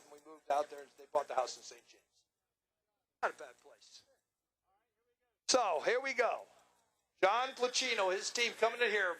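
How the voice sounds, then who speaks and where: A man's voice: high-pitched, a bit bright, poor audio. A man announcing and interviewing racers in a drag strip winner's circle, joking and bantering with brash energy. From Long Island, New York. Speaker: track announcer.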